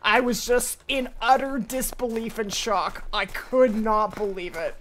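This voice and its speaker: A woman hosting a live gaming stream, chatty and excitable, talking to her chat and to the game. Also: fairly high pitch, measured pace, slight background noise. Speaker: livestream host.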